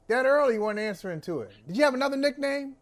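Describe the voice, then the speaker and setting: Casual high pitched guy ribbing his cohost, lots of restarts, sports chat. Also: animated, racing. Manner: teasing, rambling questions with lots of restarts. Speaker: co-host.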